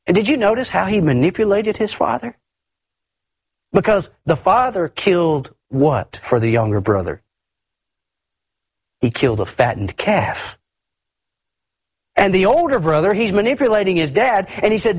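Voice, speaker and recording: A man preaching a sermon emphatically, often repeating words and swinging his pitch up and down. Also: animated, moderate pace, pauses often, husky, no echo.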